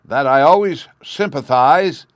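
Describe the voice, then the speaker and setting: A man voicing a fussy, pompous male court Chancellor with a thin squeaky voice, a flustered speechmaker in an audiobook reading. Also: lively intonation, moderate pace, dry recording, lightly acted. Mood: shouting.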